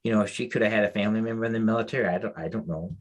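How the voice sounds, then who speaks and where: Rapid-fire and lowish in pitch, an American man tells a story on the veterans' podcast he co-hosts as a mental health advocate. He speaks casually, rambles, restarts a lot, and sounds emotionally moved.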